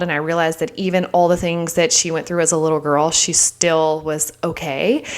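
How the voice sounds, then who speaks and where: Earnest, low-voiced woman sharing openly. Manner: earnest and open, rambling with many "like"s. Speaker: podcast host. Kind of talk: personal reflective monologue.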